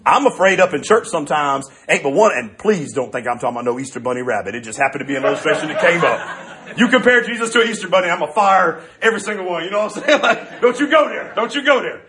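Fast-talking preacher. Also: male voice, a little high, a crowd in the background. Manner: animated, joking, with many restarts. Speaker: pastor. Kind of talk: sermon.

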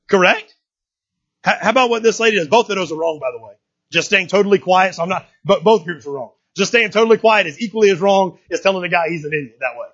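High-voiced preacher, lo-fi. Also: male voice, lively intonation, fast talker, a bit bright, husky. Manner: conversational, repeats words, asks the room. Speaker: pastor. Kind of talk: sermon.

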